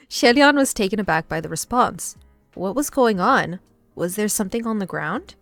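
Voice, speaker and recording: A woman's voice: mid-range voice, expressive, moderate pace, gravelly, a bit bright, no echo, soft background music. A woman reading a novel aloud and reacting as she goes. She often laughs, squeals and breaks off mid-sentence.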